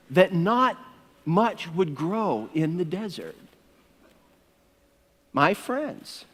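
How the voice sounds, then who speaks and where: A male pastor preaches in a high voice with animated storytelling, often turning to the congregation as his friends. His words carry a long reverb through a church sanctuary. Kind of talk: sermon.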